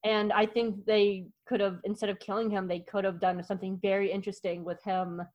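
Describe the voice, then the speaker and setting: A woman's voice: mid-range voice, level tone, a little fast, a little mellow, low-quality recording. A woman hosting a podcast in casual chat, gushing enthusiastically and rambling with frequent restarts and fillers. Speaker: podcast host.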